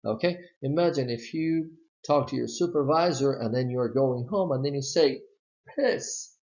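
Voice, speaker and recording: A man with a Southern US accent teaching English pronunciation, modeling words slowly and repeating them. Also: mid-range voice, a little mellow. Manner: slow, modeling words with exaggerated repetition. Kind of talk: slide-based pronunciation lesson. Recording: dull lo-fi recording.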